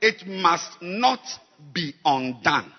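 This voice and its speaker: A male pastor preaching a sermon, shouting and exhorting the congregation with a husky voice. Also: high voice, big pitch swings, extremely slow, highs cut off. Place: church service. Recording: echoey church hall, crowd faint.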